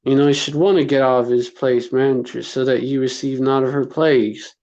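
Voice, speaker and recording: A man's voice: mid-range voice, fairly even intonation, fairly quick, darkish tone, dull audio. A man teaching casually from scripture, reading verses aloud and breaking into loose slang between them.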